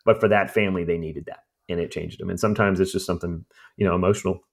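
A man's voice: low voice, fast, gravelly. A man who runs home cleanouts, telling stories in a conversation and acting out the people in them. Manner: animated storyteller, acts out voices. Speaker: estate cleanout business owner. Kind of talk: storytelling in a conversation.

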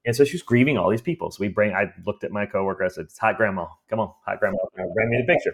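Racing along in a fairly low voice, this man runs an estate cleanout business. He's telling stories in conversation, animated and acting out the voices of the people in them.

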